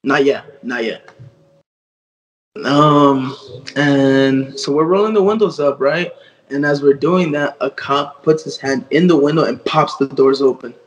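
A young man in his twenties tells a story in a relaxed, slangy way, full of fillers, and acts out what others said. The recording sounds a little muffled. A faint hum sits underneath. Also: medium pitch, measured pace. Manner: slangy, many fillers, retells quotes. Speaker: guest artist. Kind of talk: casual storytelling.

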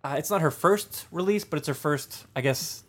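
A man's voice: on the high side, moderate pace. A man co-hosting a casual music review chat, talking in a rambling way with many fillers and restarts. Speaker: podcast co-host reviewing an album.

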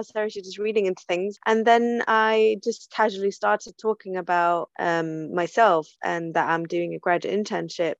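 Earnest woman from Germany, mid-pitch, halting restarts; dull lo-fi call sound. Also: gravelly, no room sound. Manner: earnest, many restarts and repeated words. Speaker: panel guest. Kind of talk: casual group discussion.

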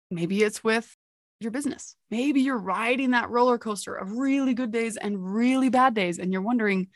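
Lively woman podcast host, dry sound. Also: a little high, brisk, no echo. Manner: energetic, storytelling, laughs at herself. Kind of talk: motivational podcast talk.

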